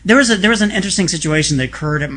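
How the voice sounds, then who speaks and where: A man telling stories as a guest on an interview podcast, feisty and frank with a quick sense of humor. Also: high-pitched, lively intonation, sharp tone. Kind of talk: casual storytelling conversation.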